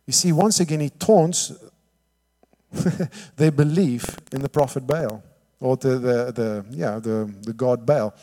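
A man preaching a sermon, telling the story lively, acting out the quotes and often asking "all right?". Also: medium pitch, takes it slowly. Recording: long hall reverb.

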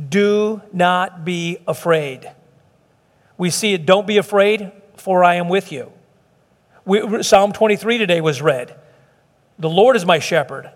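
A middle-aged man, preaching a sermon in a conversational way, often acting out quotes and restarting. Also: high-pitched. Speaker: pastor. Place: church sanctuary. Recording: long hall reverb.

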